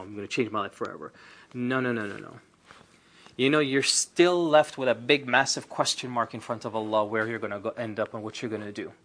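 A man leads an indoor Quran class in a relaxed, conversational way. He talks with his students rather than at them. He throws out rhetorical questions and offhand asides as he explains. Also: mid-range voice. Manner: lively, asks rhetorical questions, chatty asides. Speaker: Islamic teacher.

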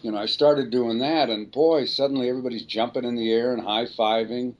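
A man's voice: mid-range voice, steady tone, fairly quick, dull audio. An older man, a voice actor, telling rambling anecdotes in an interview and often correcting himself mid-sentence. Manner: rambling, self-correcting storyteller. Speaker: voice actor guest.

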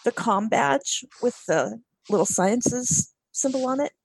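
A woman's voice: on the high side, expressive, slow pace, creaky, husky. A woman co-hosting a casual podcast chat, emotional and gushing, with sighs. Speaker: podcast co-host.

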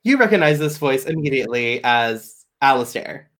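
A man runs a tabletop role-playing game, narrating scenes and describing what the players hear. He speaks at a medium pitch and at an animated, quick pace. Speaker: game master.

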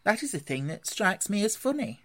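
A reader voicing an excitable, timid male mole in a storybook who gasps in breathless wonder. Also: mid-range voice, moderate pace, pitched above the performer's own voice. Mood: curious. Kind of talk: storybook reading.

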